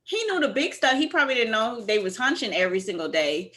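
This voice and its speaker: A woman's voice: a little high, very animated, quick pace, bright, forceful tone, a little hiss or hum. A woman co-hosting a casual recap chat, talking in an emphatic, blunt way. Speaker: podcast co-host.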